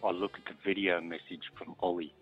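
A man calling into a radio show, reading a line slowly and carefully over the phone. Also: low voice, little pitch movement, lo-fi sound, soft background music. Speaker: radio caller.

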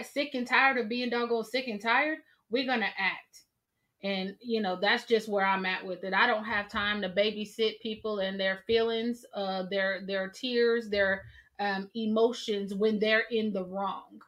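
A woman leads a group discussion in a calm, firm voice. She draws others out and then states her own view plainly and steadily. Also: mid-range voice. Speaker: host.

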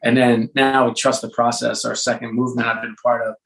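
A man, a sports executive and author, talking casually as an interview guest, with lively storytelling and frequent restarts. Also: mid-range voice, brisk, gravelly, rough recording.

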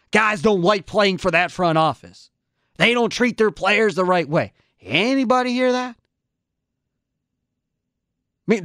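A man's voice: high voice, a bit bright, no echo, clean studio sound. A man hosting a sports talk radio show, ranting in a fired-up way and firing off repeated rhetorical questions.

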